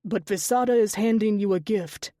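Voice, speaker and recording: A woman voicing a wry, easygoing male shaman with a gravelly edge, speaking in a teasing, reassuring way in an audiobook. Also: medium pitch, moderate pace, dark tone, no room sound, clean studio sound, close to an everyday voice. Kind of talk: audiobook character dialogue.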